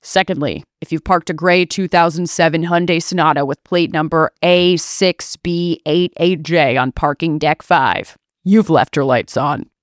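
A woman voicing a serious male district attorney who speaks in a booming, formal way to a press conference, in a comedic spoof story. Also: fairly even intonation, measured pace, dry recording, clean studio sound.

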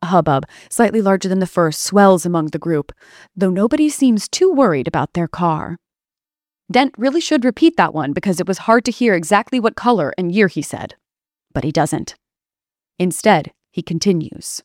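A woman doing scripted comedic narration in a deadpan way, full of wry asides. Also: on the low side, normal speed, no echo, studio quality, soft background music.

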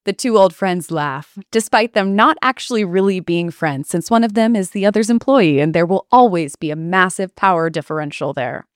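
A woman doing scripted comedic narration in a deadpan way, full of wry asides. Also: fairly low pitch, normal speed, few pauses, clean tone, no room sound, clean studio sound.

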